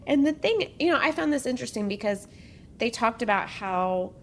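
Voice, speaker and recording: A woman's voice: fairly high pitch, expressive, normal speed, a little hiss or hum. A woman hosting a podcast, reading a true-crime story in a casual way and breaking off for joking asides. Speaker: podcast host.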